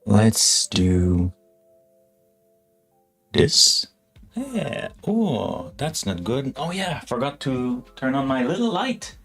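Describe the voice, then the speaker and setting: Slow, rambling male stream host. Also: mid-range voice, big pitch swings, gravelly, fairly bright tone, faint music behind. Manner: rambling, self-correcting, chatty with viewers. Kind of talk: casual live-stream chat.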